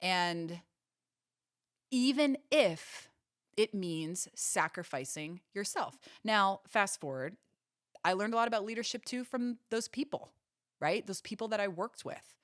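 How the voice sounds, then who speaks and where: A woman's voice: medium pitch, lively intonation, a little slow, dry recording, studio quality. A woman hosting a podcast, telling a personal story in an earnest, emphatic way and repeating phrases for stress. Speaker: podcast host.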